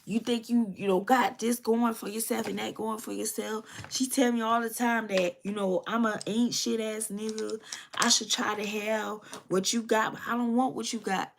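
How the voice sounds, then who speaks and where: A woman's voice: a little high, fairly even intonation, moderate pace, gravelly, a little hiss or hum. Woman doing a bitter drunk man. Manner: bitter, dismissive. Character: drunk, resentful man holding a gun.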